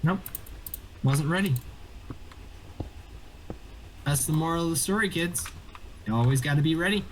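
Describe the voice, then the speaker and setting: A man improvising a playful story while gaming, with deadpan punchlines. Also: on the high side, brisk, a little hiss or hum, rough recording. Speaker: gamer telling a story. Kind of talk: improvised storytelling on a game stream.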